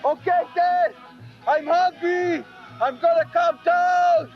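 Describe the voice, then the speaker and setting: A man's voice: extremely high pitch, steady tone, slow pace, a faint crowd. An actor playing a whining local boy and his scolding dad in a comedy sketch clip. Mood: silly, pleading. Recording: dull lo-fi clip with music.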